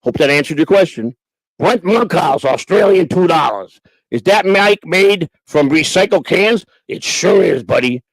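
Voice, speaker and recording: A man's voice: fairly high pitch, expressive, a little slow, dry recording, poor audio. A man hosting a livestream, reading super chats in crude, grumbling, teasing casual chat. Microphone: homemade desk mic.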